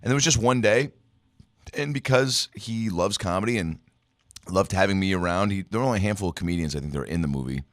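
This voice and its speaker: A man, a comedian guest in a studio, telling stories in an animated, profane way in casual chat. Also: deep voice, fast, no echo.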